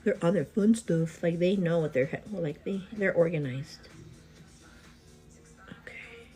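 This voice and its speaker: A pregnant young woman chatting casually to her viewers while getting ready at home, animated and full of fillers. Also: fairly low pitch, measured pace, faint music behind. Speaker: vlogger. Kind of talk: casual get-ready-with-me chat.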